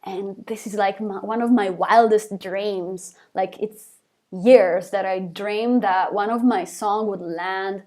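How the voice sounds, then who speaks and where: A woman's voice: mid-range voice, steady tone, slow pace, a little mellow. A young woman, a band's singer, reading fan questions aloud from a live chat and answering them casually, with lots of fillers and small laughs.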